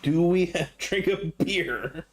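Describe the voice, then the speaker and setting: A man's voice: sits high, lively intonation, slow. A young man hosting a gaming video, riffing in a rambling, profane, joking way. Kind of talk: casual comedic commentary.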